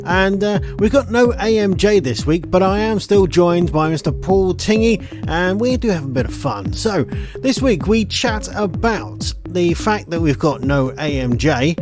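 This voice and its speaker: A man's voice: high voice, expressive, measured pace, music in the background. A man introducing his podcast as its producer and host in a chatty, upbeat way.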